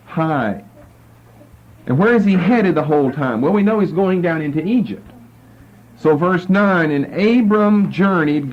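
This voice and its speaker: A man teaching a Bible class and patiently walking listeners through verses and Hebrew words. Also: on the high side. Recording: dull lo-fi lecture recording with faint noise.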